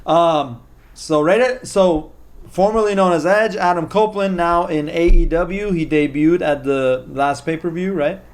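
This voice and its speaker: A man co-hosting a wrestling podcast, talking excitedly and rambling, with many fillers and some swearing. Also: on the high side, unhurried. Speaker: podcast co-host. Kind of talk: casual wrestling chat.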